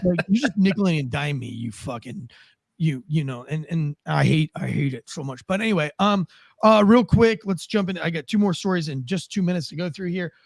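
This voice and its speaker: A man with a high voice hosts a podcast and rambles through the news in loose, profane chat. His tone is animated and his swearing comes easily. The sound is dry and close, with no room in it. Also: moderate pace, vocal fry, dry recording. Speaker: podcast host. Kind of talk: casual political commentary.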